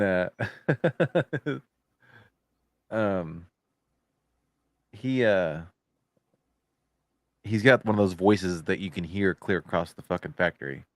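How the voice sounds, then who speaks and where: Male podcast co-host, low voice, casual rambling storyteller, dry studio sound. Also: dry recording. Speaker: factory worker. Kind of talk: casual chat.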